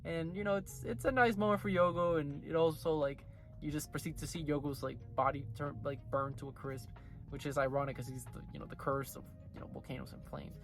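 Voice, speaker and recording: A man's voice: a little high, fairly even intonation, fairly quick, creaky, soft background music. Rambling man recapping an anime episode. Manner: rambling, full of "like" and "you know" fillers. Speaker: anime reviewer. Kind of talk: casual recap and review.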